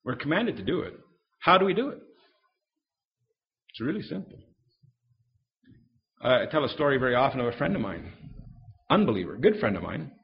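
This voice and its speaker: A man giving a fast, story-driven live talk on defending the faith, acting out the voices in his anecdotes. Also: medium pitch, sing-song, gravelly, highs cut off. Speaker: Christian speaker.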